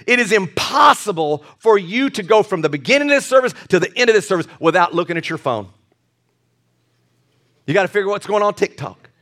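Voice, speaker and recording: A male pastor preaching a lively sermon with jokey asides and repeated restarts. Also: high-pitched.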